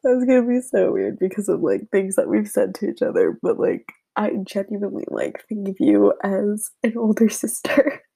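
Soft-spoken tearful young woman, gravelly. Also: mid-range voice, poor audio. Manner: rambling, halting, soft and half-whispered. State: tearful, close to crying. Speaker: vlogger addressing friends. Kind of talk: heartfelt casual message to friends.

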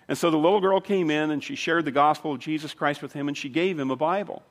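A man's voice: on the high side, quick pace, few pauses. A man preaching a sermon as pastor, telling a story in a conversational way with dramatic emphasis. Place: church sanctuary. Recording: long reverb of a large hall.

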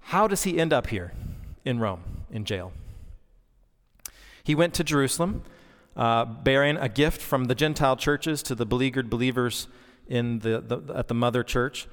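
A man's voice: medium pitch, moderate pace. Pastor, male, thirties, earnest conversational sermon, voice ringing in a reverberant hall. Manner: earnest, conversational preaching with fillers.

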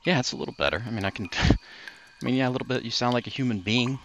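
A man's voice: mid-range voice, very fast, fairly bright tone, no echo. A man bantering in a comedy bit, exasperated and incredulous, swearing now and then. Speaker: comedy co-host.

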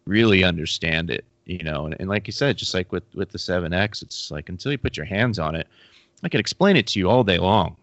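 A man's voice: low-pitched, lively intonation, brisk, fairly bright tone, dry recording, highs cut off. A man co-hosting a casual fishing chat, rambling with many restarts and fillers. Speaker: fly fishing podcast co-host.

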